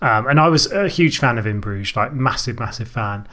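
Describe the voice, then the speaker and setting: A man's voice: medium pitch, lively intonation, moderate pace, fairly bright tone. A man co-hosting a film podcast, enthusiastic and informative in casual chat. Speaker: podcast co-host.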